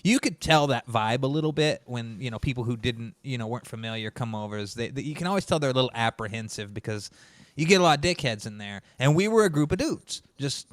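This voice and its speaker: A man's voice: mid-range voice, lively intonation, fast, no echo. A man co-hosting a podcast, chatting casually and in a laid-back way, swearing now and then. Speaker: podcast co-host. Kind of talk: casual chat.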